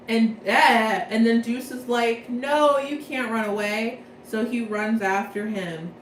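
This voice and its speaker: A woman's voice: a little high, fairly even intonation, slow, a little hiss or hum. Chatty young woman with a roomy echo. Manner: chatty, slangy, rambling, playful. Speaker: vlogger. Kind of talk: casual plot recap from memory.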